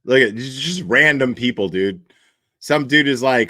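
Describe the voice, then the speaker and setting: A man's voice: medium pitch, lively intonation, normal speed, sharp tone, no room sound. A man hosting a casual reaction commentary, profane and mocking, laughing often. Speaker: host.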